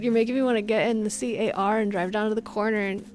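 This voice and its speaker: Fast and fairly even in intonation, this young woman's medium-pitched voice has a darkish tone, with soft background music. She's a Twitch streamer chatting casually and live with her viewers, bossy and laughing, acting out what people say.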